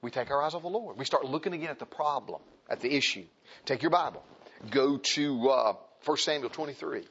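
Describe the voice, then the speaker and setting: A man preaching a sermon in an emphatic, animated way, calling out to the congregation. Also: medium pitch, fairly quick, highs cut off, a little hiss or hum.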